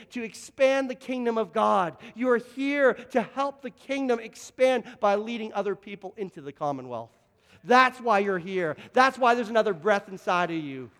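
A man's voice: extremely high pitch, a bit bright, in a large hall. A Canadian man preaching a sermon as pastor, earnest, often repeating words as he presses a point.

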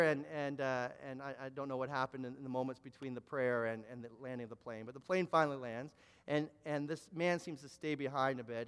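A man's voice: high voice, a bit bright, clean tone, in a large hall. A man preaching a sermon, telling a story with many repeated words and restarts, then rising to emphatic exhortation.

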